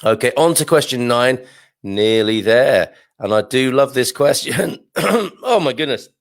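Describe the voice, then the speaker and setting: A man with a medium-pitched, expressive voice hosts a live news and quiz show, speaking unhurriedly into a desktop mic at his computer. He's jovial and chatty, full of fillers and chuckles, though a bit sluggish this morning, and the studio-quality sound has no echo.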